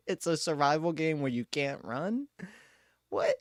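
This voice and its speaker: A very animated man with a voice on the high side streams a game live, audio studio-quality and echo-free. His casual chat is full of rants, swearing and quick laughs.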